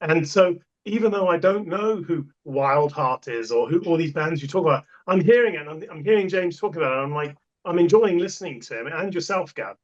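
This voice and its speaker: Fairly high-pitched and expressive, this podcast guest, a portable toilet supplier, talks a little fast with hardly any pauses. He tells casual stories with emphasis, repeating lines for effect, all captured in dull lo-fi audio.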